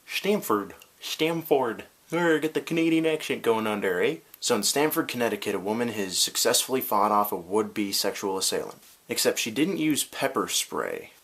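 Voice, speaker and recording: A man's voice: on the low side, a bit bright. A man vlogging comedic news commentary, ranting with profanity and sarcastic asides.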